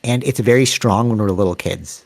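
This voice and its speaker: A man's voice: lowish voice, normal speed, vocal fry. A man co-hosting a podcast, telling rambling stories in casual chat and acting out what people said. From Canada. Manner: rambling, animated storytelling with acted-out quotes. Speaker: podcast co-host.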